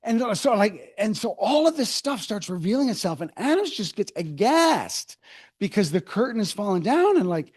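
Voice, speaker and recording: A man gives a public history lecture in a university hall. He tells it as a lively storyteller, mocking people in quick asides. His voice sits a little high and swings widely in pitch. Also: breathy edge. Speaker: author giving a book talk.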